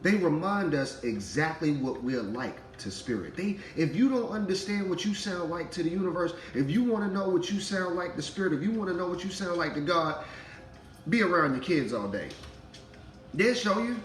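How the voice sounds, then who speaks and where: Man, 30s; lively preachy spiritual talk, echoey room, faint music underneath. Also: sits high, normal speed. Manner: animated, preachy, laughs while talking, acts out voices. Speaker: spiritual vlogger, father. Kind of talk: casual spiritual monologue.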